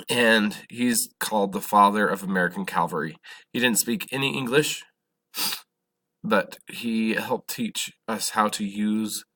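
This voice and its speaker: A man lectures his history class with a slow, unhurried delivery, stopping often to correct himself. His voice sits fairly low, with a bright, forward edge. He pauses now and then to put a question to the students. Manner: halting, self-correcting, asks questions of the class. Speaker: history teacher.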